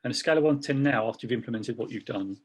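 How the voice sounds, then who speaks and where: A man's voice: mid-range voice, racing. A man co-hosting a podcast, chatting casually and cheering the others on with enthusiasm. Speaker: podcast co-host.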